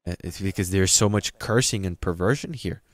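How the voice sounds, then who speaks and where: A man preaching a sermon as pastor, reading scripture slowly and breaking into sudden loud, emphatic passages. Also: deep voice, dry recording. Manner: reads scripture aloud slowly and stresses it.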